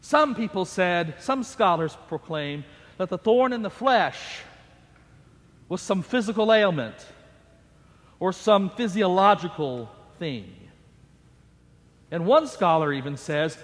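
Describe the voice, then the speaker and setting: Man, senior pastor, sermon, high-pitched, slow and deliberate, emphatic, dramatic, long church reverb. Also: big pitch swings. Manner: emphatic, dramatic preaching with rising declarations. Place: church sanctuary.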